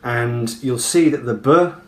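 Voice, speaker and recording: A man's voice: mid-range voice, measured pace. A man giving a casual, methodical pronunciation lesson to camera, repeating example words with hard emphasis. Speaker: video creator explaining pronunciation. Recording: echoey room with faint background hum.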